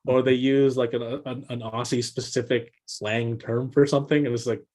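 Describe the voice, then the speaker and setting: A man co-hosting a casual business chat, telling stories with animated swings in pitch and often repeating words as he thinks. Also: moderate pace. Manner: animated storyteller, jumps in pitch for quoted voices. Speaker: podcast co-host.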